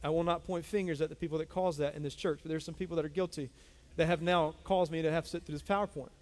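A middle-aged pastor preaches emphatically in a church sanctuary, repeating lines and calling out to his congregation, with a long hall reverb on the recording. His voice is on the high side and a little mellow, with fairly even intonation and a quick pace.

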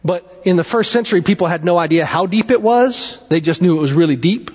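A male pastor preaching a sermon, with dramatic swings in pitch and pace and chatty asides. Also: a little fast, a little mellow, husky. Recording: dull sound with long hall reverb.

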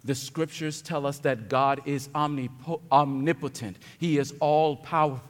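A man preaching a sermon as pastor, dropping to quiet reflection and then building to loud, emphatic declarations. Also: on the high side, steady tone, unhurried. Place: church sanctuary. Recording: long hall reverb.

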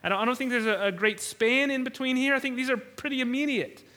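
Guy preaching a sermon, high bright voice, keeps stammering on words and acting out the quotes. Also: fairly even intonation, fast. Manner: repeats words while he thinks, acts out quotes. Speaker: pastor. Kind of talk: expository sermon.

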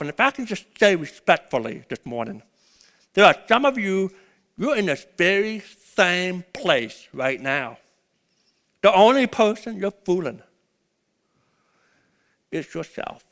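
A man preaching a sermon, swinging between loud urgent peaks and hushed low passages. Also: very animated, a little slow, long pauses. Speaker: pastor.

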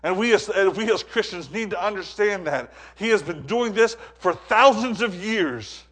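A man preaching a sermon, animated, swinging between quiet stretches and loud, emphatic builds, often repeating words as he presses a point. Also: high voice, normal speed.

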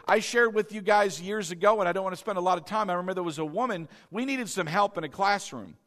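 A male pastor preaching a sermon in an animated way, calling on the congregation to repeat phrases after him. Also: sits high, a little fast.

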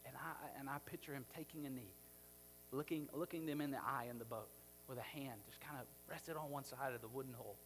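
A man, a pastor, preaching a sermon in a conversational, animated way, acting out the scenes he describes. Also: medium pitch, a little fast, faint music behind.

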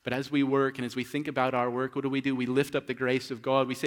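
A pastor preaching a sermon, asking rhetorical questions and swinging between hushed and loud, emphatic delivery. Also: male voice, mid-range voice, little pitch movement, quick pace.

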